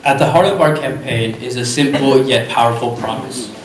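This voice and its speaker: A man's voice: medium pitch, moderate pace. A young man, a student candidate, giving an earnest, scripted debate closing statement. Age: young adult. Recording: distant mic in a roomy hall, noisy.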